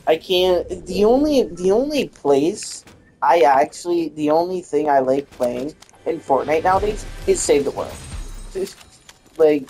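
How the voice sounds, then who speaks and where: A woman's voice: deep voice, expressive, unhurried, warm tone, a little hiss or hum. A woman giving gameplay commentary, ranting in frustration with heavy swearing. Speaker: gaming channel host.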